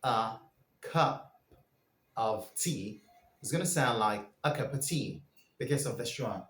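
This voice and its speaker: Man, pronunciation teacher, very slow drilling, lively pitch, echoey room. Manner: drills sounds for listeners to repeat.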